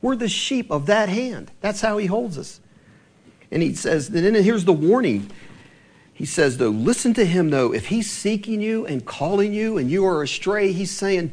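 A male pastor delivering a sermon in a fairly high voice. He reads scripture aloud and leans hard on key words with slow, emphatic stresses. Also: lively intonation, darkish tone.

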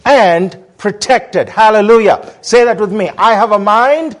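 A man's voice: high-pitched, unhurried. A man preaching as a guest speaker, emphatic and rousing, calling on the congregation to repeat after him. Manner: emphatic call-and-response preaching. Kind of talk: sermon.

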